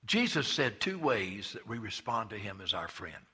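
A man preaching a sermon with fervor, swinging between loud impassioned cries and quiet, hushed asides. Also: lowish voice, very animated, moderate pace, breathy edge. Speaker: pastor.

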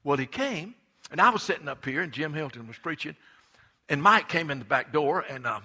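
A middle-aged man preaching a sermon, telling stories and swinging between hushed asides and impassioned emphasis. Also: a little high, lively intonation, a little fast. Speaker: pastor.

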